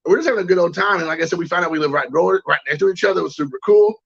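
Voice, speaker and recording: A man's voice: high-pitched, rapid-fire, creaky, fairly bright tone, husky, highs cut off. A man hosting a collecting show, telling a rambling anecdote in casual chat and greeting viewers. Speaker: card collecting show host.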